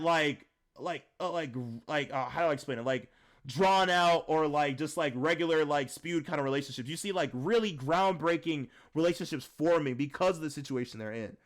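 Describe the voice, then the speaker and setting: A young man co-hosting a film review chat, rambling and slangy, saying "like" constantly and getting excitable. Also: a little high. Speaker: podcast co-host reviewing a film. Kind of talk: casual chat.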